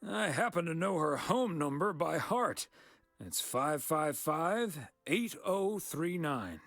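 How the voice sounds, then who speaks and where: A courteous mail carrier. His fairly high voice moves up and down freely, and he slips in gentle jokes. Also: very animated, takes it slowly, dry recording, soft background music, heavily acted. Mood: polite. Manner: courteous, lightly joking. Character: polite, good-natured male mail carrier.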